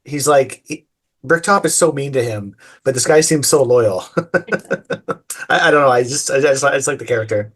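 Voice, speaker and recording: A man's voice: medium pitch, a bit bright. Easygoing man rambling about movies. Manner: easygoing, rambling, quick to laugh. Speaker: podcast guest. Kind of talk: casual film discussion chat.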